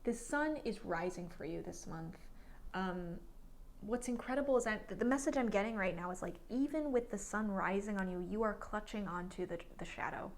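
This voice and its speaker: A woman giving a monthly tarot reading, musing aloud with frequent restarts and fillers, sometimes dropping into soft near-whispers. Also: medium pitch, moderate pace. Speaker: tarot reader.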